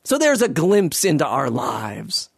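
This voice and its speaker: A man's voice: fairly high pitch, huge pitch swings, a little slow, vocal fry, very noisy. A man in a casual monologue, ranting in a sarcastic, profane and rambling way.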